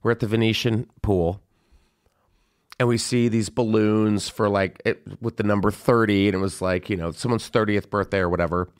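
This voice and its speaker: A young man telling a story in a casual podcast chat, animated and gossipy, jumping into high squealing voices when he quotes people. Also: moderate pace, clean tone. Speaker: podcast host.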